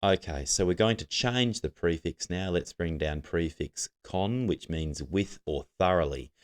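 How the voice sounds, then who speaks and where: Man, very deep voice, teacher, recorded classroom lesson, patient step-by-step instructions. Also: a little slow.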